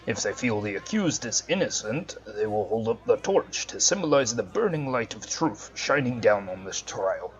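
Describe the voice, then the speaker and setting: A man's voice: on the low side, animated, moderate pace, few pauses, highs cut off, voice pushed down, close to an everyday voice. A man voicing a solemn male dwarf cleric with a put-on Scottish accent, reading the game's lines formally.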